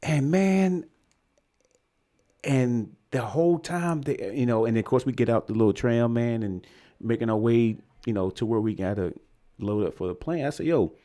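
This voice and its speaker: At a moderate pace and in a mid-range voice, a young man from Virginia co-hosts a podcast, sharing a story in laid-back conversation. He performs the voices of the people involved with plenty of animation.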